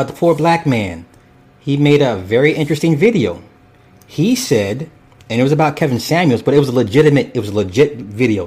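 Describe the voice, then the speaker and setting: Guy ranting on his stream, blunt and profane, lots of restarts, middle pitch. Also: darkish tone. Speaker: live stream host reading chat. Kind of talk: casual commentary.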